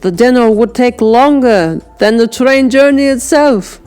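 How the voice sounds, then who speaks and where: A woman's voice: fairly high pitch, measured pace, faint music behind, voice pushed up, lightly acted. A woman voicing a tipsy man with a thick Russian accent who slurs his words. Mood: merry. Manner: slurred, loud.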